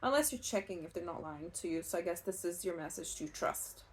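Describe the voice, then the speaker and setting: A woman giving a casual pick-a-card tarot reading, chatty and rambling, with soft laughs and fillers. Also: lowish voice, expressive, a little fast. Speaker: tarot reader.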